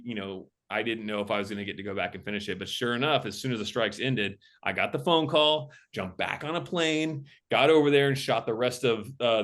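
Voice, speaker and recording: A man's voice: medium pitch, fairly bright tone. A man, a film director and camera operator, tells stories as a guest in a casual interview and acts out the voices of people he quotes.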